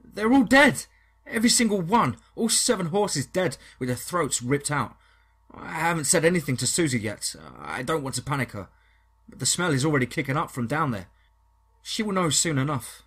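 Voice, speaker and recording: A man voicing a frightened young farmer, husky. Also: mid-range voice, lively intonation, brisk, a bit bright. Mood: shaken. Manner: panicky, pleading. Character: scared young man, farmer and new father. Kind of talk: audio horror story acting.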